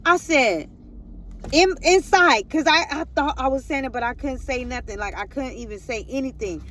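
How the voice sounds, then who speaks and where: A woman's voice: sits high, brisk, a bit bright, slight background noise. A woman vlogger telling a personal testimony in a rambling way, repeating herself and talking straight to her viewers.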